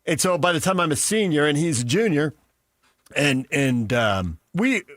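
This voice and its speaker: A man hosting sports radio, chatting casually and telling animated stories, mimicking friends in loud voices. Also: a little high, moderate pace.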